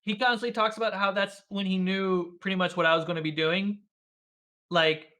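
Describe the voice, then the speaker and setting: A man as a guest in a casual video-call interview, an animated storyteller who laughs often and acts out the lines he quotes. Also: high-pitched, normal speed. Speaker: guest, filmmaker and game master.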